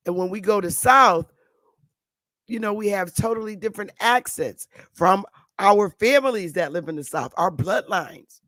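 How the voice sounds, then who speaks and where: In a lowish voice with no echo, a woman in her fifties from the northern United States chats to her YouTube viewers. Her casual monologue is unscripted and meandering, with frequent restarts and fillers.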